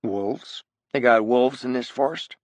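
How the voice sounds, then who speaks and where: A man voicing a gruff, blunt army colonel in an audiobook, brusque in his speech. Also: mid-range voice, measured pace, no echo, close to an everyday voice. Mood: wary. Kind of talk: audiobook character voice.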